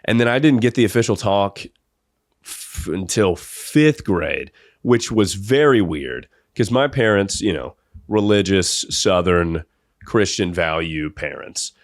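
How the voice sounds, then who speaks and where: A young man with a somewhat low voice tells a funny story on his podcast. He rambles and laughs as he talks, recorded close up on a dry mic. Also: expressive, measured pace, dry recording. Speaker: podcast host. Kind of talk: comedic storytelling.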